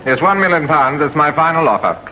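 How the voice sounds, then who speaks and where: An actor playing a remote, phone-obsessed upper-class English father in a 1960s TV sketch, clipped and brisk. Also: fairly high pitch, animated, dull audio, a little hiss or hum, natural voice. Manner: brisk, clipped, distracted businessman.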